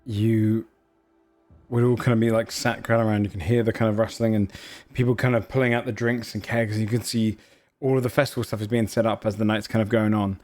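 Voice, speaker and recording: A man's voice: fairly low pitch, flat delivery, a little fast, darkish tone. A man narrating a tabletop game as game master, loose and hesitant, full of fillers.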